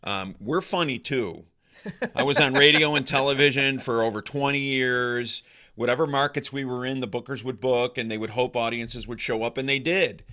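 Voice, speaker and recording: A man's voice: medium pitch, moderate pace, pushed and bright. An older man, a comedian guest, telling stories in a casual, profane, self-mocking way. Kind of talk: casual storytelling.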